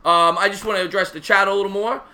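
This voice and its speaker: Man, high voice, fast talker, casual football chat, reads live chat. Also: fairly even intonation, bright, forceful tone. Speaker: sports podcast co-host.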